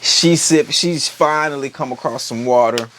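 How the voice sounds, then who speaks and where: A man's voice: mid-range voice, moderate pace, slight background noise. A man giving a casual, joking show recap, full of slang and cursing. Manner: profane, slangy, joking, animated. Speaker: TV recap host.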